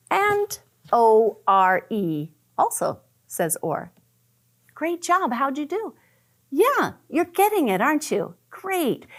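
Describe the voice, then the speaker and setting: A woman teaching a phonics lesson to young children, sounding out letter patterns slowly and praising often. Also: high voice. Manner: slow, exaggerated sounding out of letters; cheerful praise and questions to the listener. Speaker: first grade teacher.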